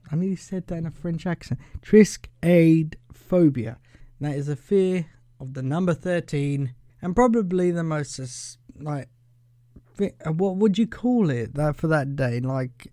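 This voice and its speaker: A young man talks through a casual solo podcast in a rambling, chatty way. He keeps falling back on the same filler and chuckles between points. His voice sits a bit high, and it is recorded dry and close. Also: mellow, no echo. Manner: rambling and chatty, leans on the filler "pretty much", chuckles often. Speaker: podcast host.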